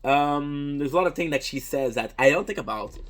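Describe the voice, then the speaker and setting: A man's voice: a little high, expressive, brisk. A man whose first language is French, a content creator talking in a casual, reflective monologue. He is earnest and rambling, often restarts, and swears.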